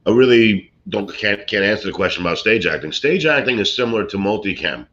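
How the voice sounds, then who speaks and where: A man's voice: fairly low pitch, lively intonation, a little fast, fairly bright tone. A man, an actor and comedian from Brooklyn, telling rambling showbiz stories in casual chat with many fillers and restarts. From Brooklyn, USA. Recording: dull lo-fi sound.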